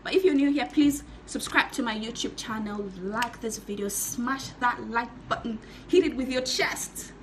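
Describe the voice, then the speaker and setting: A young woman chats straight to camera in a casual story-time vlog, her voice sitting a little high. She giggles often and keeps things animated. A faint hiss of room noise sits under her voice. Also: normal speed, few pauses. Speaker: vlogger.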